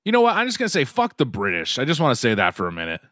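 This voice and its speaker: A man's voice: on the high side, huge pitch swings, racing, pushed and bright, dry recording, studio quality. An American man co-hosting a podcast, ranting with swearing and mock outrage in casual chat. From United States. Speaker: podcast co-host.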